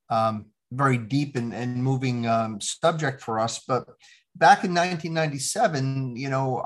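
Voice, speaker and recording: Male podcast host, fifties, easygoing conversational delivery with frequent fillers. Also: mid-range voice. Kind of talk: casual podcast chat.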